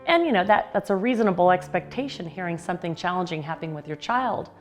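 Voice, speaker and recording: A woman life coach giving a motivational talk, telling a client's story earnestly with emphatic pauses. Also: lowish voice, animated, soft background music.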